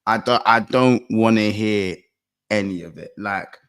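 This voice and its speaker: A man's voice: fairly low pitch, measured pace, fairly bright tone, smooth. A man, bluntly venting about a football loss over a call in casual slang. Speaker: football channel co-host.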